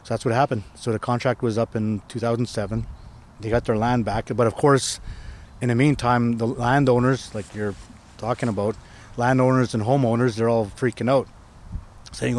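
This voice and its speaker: Man, chief, casual storytelling, restarts and tag questions, outdoors, mid pitch. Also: fairly even intonation, normal speed, darkish tone. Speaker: First Nation chief. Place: outdoors on a hill.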